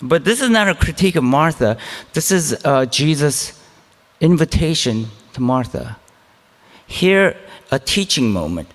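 Slow, gravelly-voiced male preacher. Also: a little high, big pitch swings. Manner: casual and self-deprecating, with chatty asides. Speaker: pastor. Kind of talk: conversational sermon. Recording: long hall reverb.

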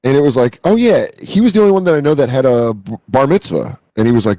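Animated man, dry close mic. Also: mid-range voice, racing, hardly any pauses, no room sound, poor audio. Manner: animated storyteller, acts out voices, swears freely. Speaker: podcast host. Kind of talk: casual chat.

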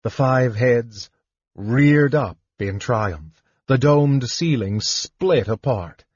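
A man narrating an audiobook in a measured, dramatic reading. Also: medium pitch, animated, darkish tone, breathy edge, no echo. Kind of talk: scripted narration. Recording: dull lo-fi dry recording.

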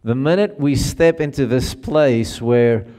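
A man's voice: mid-range voice, expressive, measured pace, mellow. A male pastor giving a conversational sermon, often checking in with his listeners and laughing while he tells stories.

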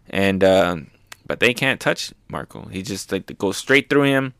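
A young man casually recapping manga chapters, excited and loose, with lots of fillers. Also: low-pitched, unhurried, no echo, studio quality. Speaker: manga reviewer.

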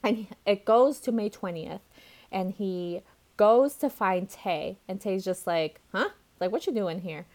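A woman's voice: mid-range voice, animated, unhurried, darkish tone. A woman co-hosting a casual chat show, recounting a comic chapter with slangy asides. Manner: chatty storyteller, slangy asides. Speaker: podcast co-host. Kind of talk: casual chat, recapping a webcomic.

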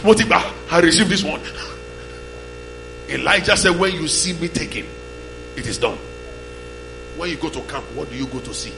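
A man preaching a sermon as pastor, calling the congregation to shout back, in a church hall with music and hum behind. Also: fairly high pitch, lively intonation, brisk, creaky, long pauses. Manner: call-and-response, shouting bursts.

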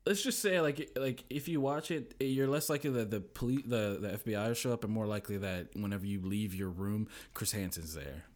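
A man's voice: fairly low pitch, a little fast, hardly any pauses. A young man, a podcast guest, telling a story in casual chat, acting out voices and laughing often.

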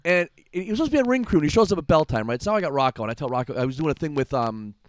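A man hosting a podcast, telling stories in a casual, profane, animated way and laughing often. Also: a little high, rapid-fire, no room sound. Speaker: podcast host. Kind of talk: casual chat, storytelling.

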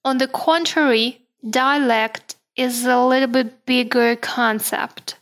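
A woman hosting a solo podcast who explains things in a measured way and speaks directly to her listeners. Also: fairly high pitch. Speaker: podcast host.

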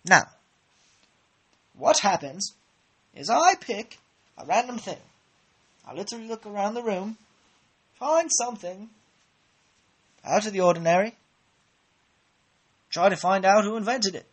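A man's voice: medium pitch, husky. A man voicing a theatrical male announcer with a hammy mock accent. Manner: loud, drawn-out, theatrical delivery.

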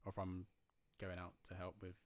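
A man, a podcast guest in casual chat, relaxed and trailing off into fillers as he tells stories. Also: sits low, fairly quick.

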